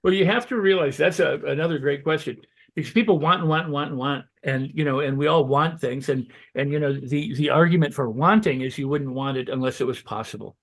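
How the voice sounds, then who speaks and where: Man with a high, lively voice. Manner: acts out self-talk in quick quoted asides, voice jumping up when excited; loose and conversational, with restarts and "you know". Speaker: guest on a holistic health show. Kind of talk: motivational self-help advice.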